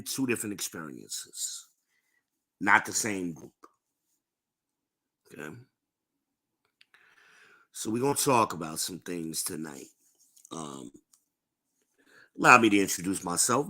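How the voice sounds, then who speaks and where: Podcast host, man, middle-aged; slow, lecturing delivery, bright tone. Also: on the low side. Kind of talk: live-streamed podcast monologue.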